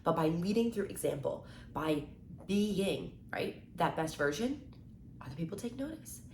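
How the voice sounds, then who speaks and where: A woman in her twenties giving casual motivational talk to camera, chatty and upbeat, acting out quick little exchanges and saying "like" and "right?" a lot. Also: on the low side, lively intonation, a little mellow, slight background noise. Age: 20s. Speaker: mindset content creator. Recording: echoey room with faint ambience.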